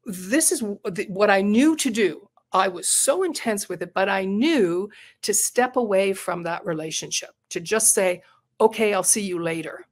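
A woman's voice: mid-range voice, lively intonation, normal speed. A middle-aged woman, a retired psychotherapist and coach, speaking earnestly and reflectively in an interview, sharing a personal story. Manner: earnest, reflective, repeats words while thinking.

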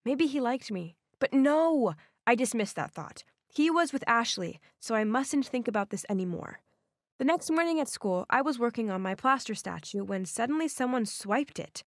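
A woman narrating a first-person animated story in a scripted, expressive way. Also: fairly high pitch, moderate pace, no echo, clean studio sound.

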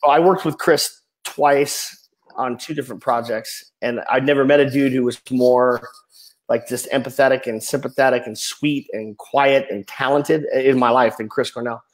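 A man in his forties speaking as a podcast guest, earnest and emotional, often trailing off softly. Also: mid-range voice, steady tone, normal speed, rough recording. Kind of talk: candid personal storytelling.

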